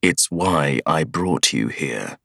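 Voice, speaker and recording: A man's voice: a bass voice, animated, vocal fry, a bit bright, no echo, studio quality, full character voice. Un uomo che dà voce a un gelido maestro del Male. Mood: cold, scheming. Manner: cold, measured, persuasive. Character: cold scheming young male schoolmaster of Evil. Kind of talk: audiobook character voice.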